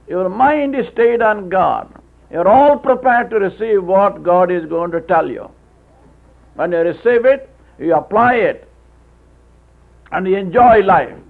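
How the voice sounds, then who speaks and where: Male preacher, husky gravelly voice, halting restarts, lo-fi phone-like sound. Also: sits high. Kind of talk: sermon. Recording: tinny phone-like old tape.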